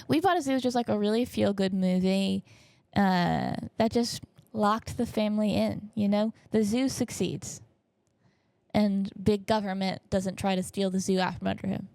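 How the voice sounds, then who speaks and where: A woman's voice: medium pitch, normal speed, gravelly, a little mellow, no room sound. A young woman hosting a podcast, telling stories in a rambling, jokey, self-correcting casual chat. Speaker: podcast host.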